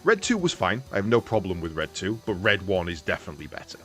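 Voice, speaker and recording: A man streaming a game, chatting casually with a lively, swinging voice. He swears freely and laughs a lot. Faint music plays behind him. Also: deep voice, fast talker. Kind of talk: casual chat while gaming.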